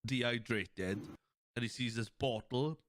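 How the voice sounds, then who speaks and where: A man's voice: medium pitch, unhurried, a bit bright, no room sound, clean studio sound. A man hosting a podcast, chatting casually, rambling through episode scenes with lots of restarts and some swearing. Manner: rambling, recounts scenes with quoted lines, swears; many fillers and restarts, laughs along. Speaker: podcast host. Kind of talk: casual chat.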